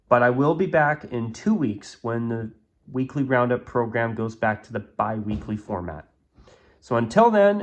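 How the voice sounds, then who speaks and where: A man hosting his own channel, talking casually and with strong opinions, rambling with fillers and restarts, recorded on a phone. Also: medium pitch. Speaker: YouTube channel host. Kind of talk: casual vlog commentary.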